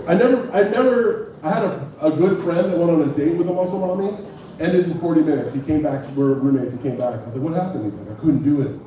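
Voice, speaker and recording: A man's voice: fairly high pitch, very echoey, recorded from a distance, dull audio. A young man hosting a bar comedy night and doing stand-up, loose and joking, chatting with the crowd. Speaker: comedy show host and stand-up comic.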